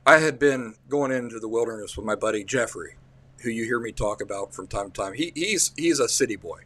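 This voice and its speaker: Appalachian man, livestream host, folksy and rambling, mid-pitched voice, restarts a lot. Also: animated, brisk, fairly bright tone. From central Appalachia. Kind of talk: casual livestream storytelling.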